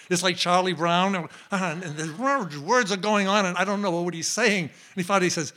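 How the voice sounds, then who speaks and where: A man telling a comic personal story on stage before a live audience, in a playful, animated way. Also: high voice, moderate pace, few pauses.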